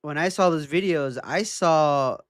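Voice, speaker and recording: A man's voice: a little high, measured pace, no echo, studio quality. A man co-hosting a podcast, joking around with goofy interjections and laughing often. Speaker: podcast co-host. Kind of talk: casual political chat.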